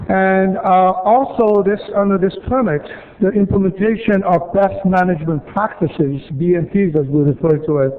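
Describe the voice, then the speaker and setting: A man's voice: high-pitched, fairly even intonation, normal speed, few pauses. A man from city staff presenting at a council meeting, explaining rules step by step with repeated points and dry asides. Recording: tinny, phone-like archive audio.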